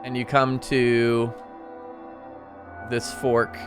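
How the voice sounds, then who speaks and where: A man's voice: mid-range voice, monotone, very slow. A man narrating as game master on a stream, casual and rambling with fillers. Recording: music playing behind.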